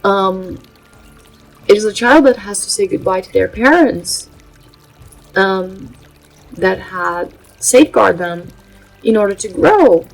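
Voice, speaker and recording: An earnest woman from Brazil, native in Portuguese, talks casually about spiritual matters as host of her vlog channel. Her mid-range voice is animated and gravelly, and her delivery halts with frequent filler pauses. The recording is low quality, with faint music behind.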